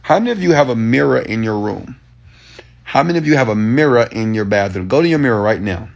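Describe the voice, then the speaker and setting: A man's voice: medium pitch, expressive, fast, gravelly. A man giving a motivational rant in loose, slangy talk, pressing his audience with repeated commands. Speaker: entrepreneur and motivational speaker.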